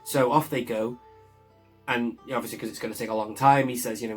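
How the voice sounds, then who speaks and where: A man's voice: mid-range voice, steady tone, a little fast, slightly rough, soft background music. A man recapping a TV episode in a casual, enthusiastic way, often chuckling as he talks. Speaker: show reviewer.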